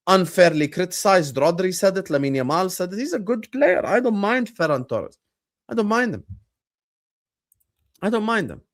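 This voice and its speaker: A man hosting a livestream about football, arguing his points emphatically with rhetorical questions. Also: high-pitched. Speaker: streamer and football pundit.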